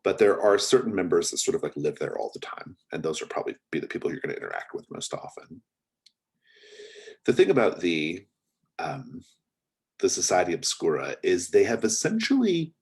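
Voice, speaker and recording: A man's voice: low-pitched, darkish tone, husky. A man narrating as game master of a tabletop role-playing game, rambling with many fillers and restarts.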